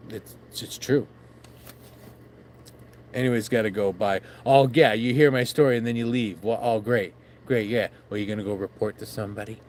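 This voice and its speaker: A man's voice: fairly low pitch, steady tone, moderate pace, a little mellow, slight background noise. A man vlogging by his backyard shed late at night into his phone, rambling casually, swearing and laughing at himself.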